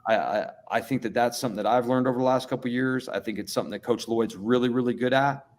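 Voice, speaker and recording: A man's voice: mid-range voice, fast talker. A middle-aged man, a college basketball coach, giving earnest, plain-spoken interview answers and often repeating words as he thinks.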